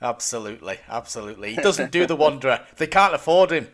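A man's voice: medium pitch, lively intonation, fast talker, a bit bright. A man hosting a casual podcast chat, jokey and rambling, often poking fun at himself. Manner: jokey, rambling, self-deprecating. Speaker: podcast host.

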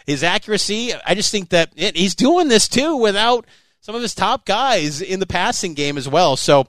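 A man's voice: normal speed, no room sound. A man co-hosting a sports podcast, talking casually and emphatically about a college football game. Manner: animated, emphatic, pitch jumping up on key points. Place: on location, flew in for the game.

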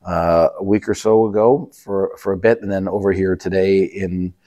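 A Canadian man co-hosts a travel podcast, chatting casually and rambling about his recent trips with travel anecdotes, often restarting his sentences. His voice is low and dark-toned, with fairly even intonation at a moderate pace.

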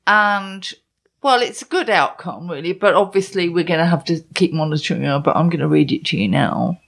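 A woman's voice: fairly low pitch, a little fast, vocal fry. A middle-aged woman who hosts a podcast and writes a column, chatting casually with dry, teasing remarks. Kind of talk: casual chat.

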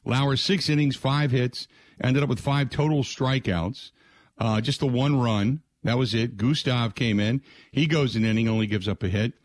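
A man's voice: medium pitch, fairly even intonation, normal speed. Man hosting sports talk radio. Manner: conversational, frequent "uh" fillers, rattles off game stats.

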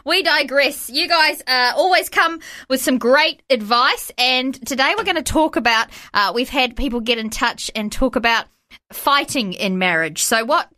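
A woman's voice: high voice, moderate pace, sharp tone. An Australian woman radio host, playful and upbeat as she chats with guests. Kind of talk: casual radio chat.

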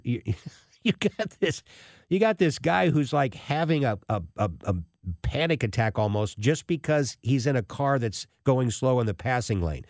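Lively storytelling radio host, man in his sixties. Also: medium pitch, dry recording, clean studio sound. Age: 60s. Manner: animated, rambling storyteller with frequent restarts. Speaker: radio talk show host. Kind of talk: casual talk radio monologue.

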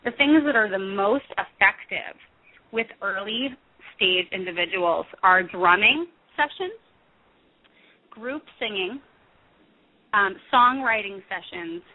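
A woman's voice: medium pitch, lively intonation, slow pace, pauses often. A woman in her thirties, a music therapist, answering interview questions thoughtfully, with many fillers and self-corrections. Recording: tinny phone line.

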